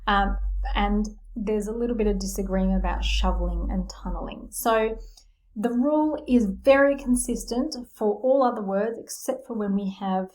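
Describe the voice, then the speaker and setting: A woman's voice: mid-range voice, normal speed, a little mellow, low-quality recording. A woman teaching teachers spelling rules in a friendly explanatory lesson, using playful metaphors. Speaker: literacy teacher trainer.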